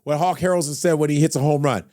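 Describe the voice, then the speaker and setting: A man hosting a casual podcast chat, excitable and breaking into loud sports-announcer impressions. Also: a little high, quick pace, no room sound, clean studio sound. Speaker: podcast host.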